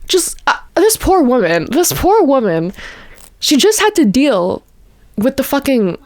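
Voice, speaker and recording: A young woman giving heated, profane political commentary, exasperated and fast to swear. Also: high-pitched, very animated, a little mellow, no echo, studio quality.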